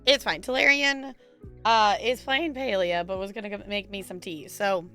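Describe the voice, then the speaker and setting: A woman streamer chats loosely with her viewers, rambling and laughing often. Her voice is bright and sharp but strained and squeaky today. Faint music plays under her. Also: fairly even intonation, normal speed. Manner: chatty, giggly, rambling. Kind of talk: casual chat with chat viewers.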